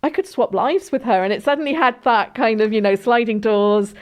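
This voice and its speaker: A British woman hosting a podcast, telling stories in a casual, animated way and laughing often. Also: a little high, a little fast. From Britain. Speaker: podcast host. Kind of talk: casual chat.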